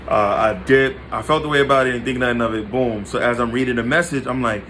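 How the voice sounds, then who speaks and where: A man's voice: mid-range voice, quick pace, hardly any pauses, a bit bright, slight background noise. A man telling a confessional personal story to his listeners, in casual, slang-heavy talk full of restarts and direct asides. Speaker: podcast storyteller.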